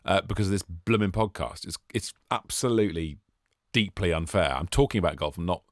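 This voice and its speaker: A man co-hosting a golf podcast, telling stories in an animated, jokey way. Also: low voice, fairly quick, dry recording, clean studio sound. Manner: animated, jokey, exaggerated storytelling. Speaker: podcast co-host. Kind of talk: casual chat.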